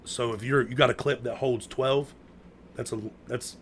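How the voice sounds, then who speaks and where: An American man telling a story in casual chat, full of slang, who acts out quotes with sudden loud outbursts. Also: medium pitch, fairly even intonation, moderate pace, a little hiss or hum. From United States. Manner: heavy slang, lots of "bro" and "like".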